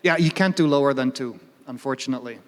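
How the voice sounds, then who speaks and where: A man's voice: medium pitch, fast talker. A man answering audience questions at a conference, hesitant and repeating words as he thinks. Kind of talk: live Q&A answers. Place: conference hall. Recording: long hall reverb.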